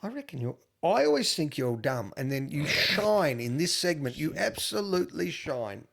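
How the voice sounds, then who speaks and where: A man's voice: on the high side, sing-song, normal speed, gravelly, a bit bright. A man co-hosting a podcast, casually teasing his co-host as he runs a trivia quiz. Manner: teasing, quizmaster. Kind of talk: casual banter.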